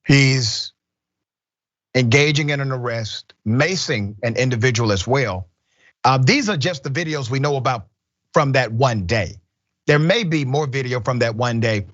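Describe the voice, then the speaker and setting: A man's voice: mid-range voice, unhurried, fairly bright tone, no echo, highs cut off. A man hosting a news commentary show, stressing his points by repeating them.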